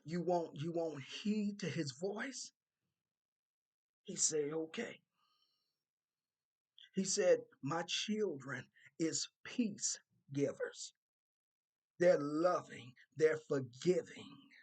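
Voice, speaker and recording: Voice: medium pitch, a little mellow, slightly rough. A content creator delivering a prophetic warning message, repeating phrases emphatically as they relay what God says. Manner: slow, repetitive, emphatic delivery relaying God's words.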